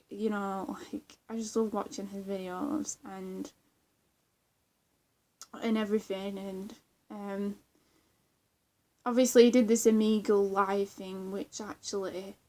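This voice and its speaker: A woman's voice: mid-range voice, darkish tone. Rambling, giggly young woman. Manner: rambling, giggly, many fillers and restarts. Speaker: vlogger. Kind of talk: casual chat.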